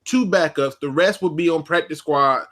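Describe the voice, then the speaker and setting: Brief: man, slightly high voice, emphatic sports-talk co-host who repeats his points. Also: normal speed, fairly bright tone. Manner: emphatic, repeats phrases for effect. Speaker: podcast co-host.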